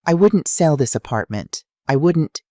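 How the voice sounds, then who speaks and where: A narrator voicing a distraught young woman whose pleas come out high and urgent. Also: expressive, measured pace, mellow, no room sound, clean studio sound, natural voice. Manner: pleading, rising and urgent. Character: distraught young woman locked out of her home.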